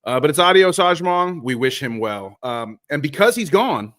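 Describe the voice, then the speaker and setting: A man's voice: on the high side, lively intonation, moderate pace, a bit bright. A man hosts a live soccer talk show in an easy, rambling way. He keeps doubling back on his words, teases himself and swears now and then. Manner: rambling, profane, self-mocking. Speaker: podcast host. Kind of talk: casual live soccer chat.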